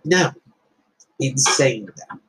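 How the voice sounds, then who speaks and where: A man with a husky, mid-range, slightly bright voice speaks expressively, drawing out his words. He's a parent offering life advice, telling parables and stories in an earnest, reflective motivational talk. The recording is rough.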